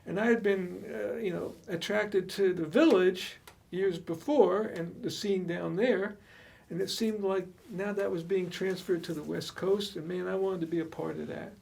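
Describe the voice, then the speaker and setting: A man in his seventies reminiscing in casual chat, relaxed and measured, chuckling at times. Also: high voice, gravelly. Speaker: co-host.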